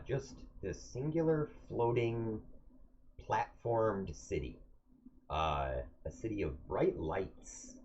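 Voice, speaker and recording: Deep-voiced, hesitant game master. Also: male voice. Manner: hesitant, many fillers, relaxed. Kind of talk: narrating a tabletop game. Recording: dull lo-fi recording, faint hiss.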